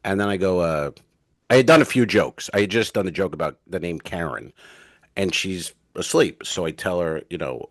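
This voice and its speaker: A man with a fairly low voice tells rambling stage stories as a podcast co-host, slipping into the lines of the people in them. The sound is dry and close, with no room around it. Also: moderate pace, no echo. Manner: rambling anecdotal storyteller, acts out dialogue. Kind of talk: casual storytelling chat.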